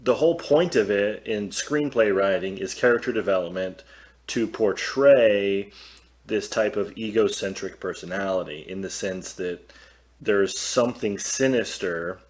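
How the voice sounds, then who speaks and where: A man's voice: lowish voice, measured pace. A man co-hosting a casual movie discussion, laid-back and thinking aloud with fillers. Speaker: podcast co-host.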